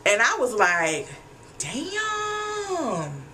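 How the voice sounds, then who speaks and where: A woman's voice: fairly high pitch, expressive, moderate pace, a bit bright, slight background noise. A woman talking straight to her viewers in a casual recap vlog, blunt and chatty, swearing freely and calling them y'all. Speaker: TV episode recapper.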